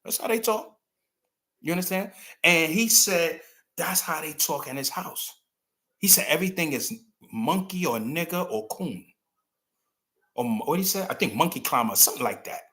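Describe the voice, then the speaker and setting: Male show host, bright forceful voice, animated and loose, slips into quoted voices mid-rant. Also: on the high side, moderate pace, pauses often. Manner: animated, rambling, acts out quoted people. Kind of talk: casual opinion monologue.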